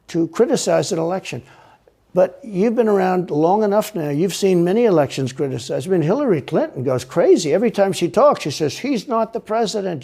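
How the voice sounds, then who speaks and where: Man in an interview, gravelly raspy voice, kinda dark and mellow, goes on and on repeating himself. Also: on the high side. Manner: rambling, repetitive, emphatic. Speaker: interview guest. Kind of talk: political interview answers.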